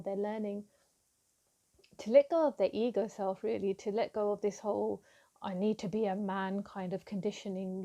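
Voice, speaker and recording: A woman giving a gentle, affirming tarot reading to camera, with frequent ums and restarts. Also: mid-range voice. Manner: giggly and excited at times. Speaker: tarot reader.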